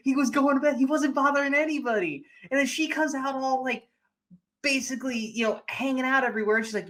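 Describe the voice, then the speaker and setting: A young man co-hosts a podcast, casually recapping a movie and acting out its lines. His voice is extremely high, somewhat bright, and he talks quickly.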